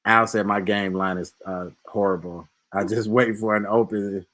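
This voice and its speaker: A man's voice: fairly low pitch, steady tone, normal speed, a bit bright. A man, hosting a casual podcast chat and telling stories loosely, swearing freely. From Detroit, USA. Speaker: podcast host.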